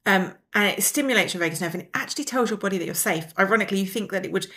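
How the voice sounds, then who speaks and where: This wellness lesson is taught by a woman whose voice sits in the mid range. Her manner is calm and softly instructive, and she eases her pace as she takes the listener through each breathing exercise.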